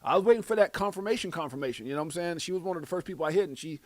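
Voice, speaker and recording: A man's voice: fairly high pitch, very fast, dry recording. Slangy crypto livestream host, a man. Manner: animated, slangy shout-outs to viewers. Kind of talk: casual livestream chat. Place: Las Vegas.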